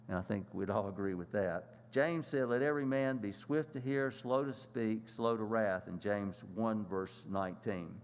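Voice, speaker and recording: Low-voiced man teaching a church lesson. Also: in a large hall, a little hiss or hum. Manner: plain, halting, many fillers and restarts.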